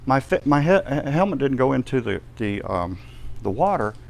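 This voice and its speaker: A man giving a personal testimony in a ministry live stream, telling his story vividly and acting out the shouts and reactions of the people in it. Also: medium pitch, very animated, moderate pace, vocal fry.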